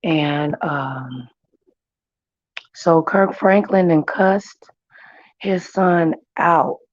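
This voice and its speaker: A woman hosts a casual stream with a hoarse, husky voice that has nearly given out. She talks slowly and greets her viewers by name between thoughts. The sound is dry and a little muffled. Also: deep voice, no room sound. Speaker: livestream commentary host. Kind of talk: casual chat.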